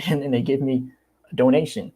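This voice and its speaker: A young man chats casually on his livestream. His voice sits at an ordinary, mid-range pitch for a man. He repeats himself and acts out the people he quotes, which keeps his delivery animated. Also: fairly quick, breathy edge. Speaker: crypto YouTuber.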